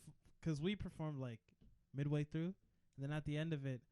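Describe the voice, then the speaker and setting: A man's voice: fairly high pitch, fairly quick, dark tone, clear, resonant tone, no room sound. A young man chatting casually on a podcast, telling easygoing stories and laughing often. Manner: laughs easily, laid-back storytelling. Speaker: podcast co-host. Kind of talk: casual chat.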